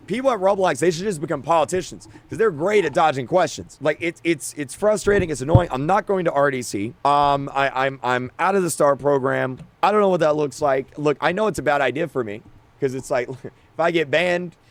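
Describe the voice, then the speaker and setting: Stammering, frustrated young man ranting. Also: medium pitch. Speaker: game creator. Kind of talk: on-camera rant.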